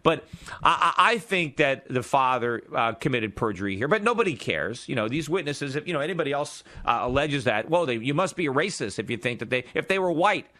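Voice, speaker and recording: A man's voice: medium pitch, animated, a little fast, sharp tone. Emphatic argumentative talk radio man. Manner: argumentative and emphatic, with frequent restarts and filler "uh". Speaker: radio talk show host. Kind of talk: opinionated political monologue.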